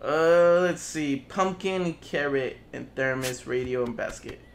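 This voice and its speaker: A man's voice: a little high, unhurried, creaky, a little hiss or hum. A man giving casual gameplay commentary, playful and taunting, swearing as he speaks in character as a goose. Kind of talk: casual let's play commentary.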